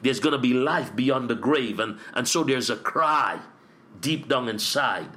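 A middle-aged man speaking as a pastor in an interview. He builds his points through earnest repetition, with the steady rhythm of a preacher. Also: medium pitch, a little slow.

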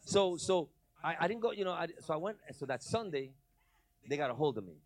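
A middle-aged male preacher telling stories in a sermon, moving from quiet asides to loud, emphatic preaching. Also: a little high, expressive, fairly quick, no echo.

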